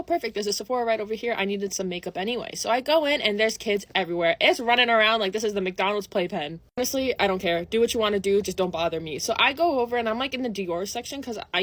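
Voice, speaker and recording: A young adult woman telling a casual story-time anecdote, acting out the dialogue with dramatic swings between loud and hushed. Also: mid-range voice, no room sound.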